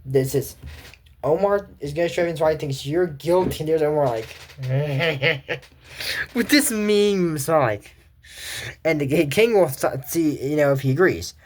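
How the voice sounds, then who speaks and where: A man casually recapping a cartoon episode, rambling and often pausing with fillers and restarts. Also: fairly high pitch, lively intonation. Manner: rambling, full of fillers and self-corrections. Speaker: cartoon commentary host.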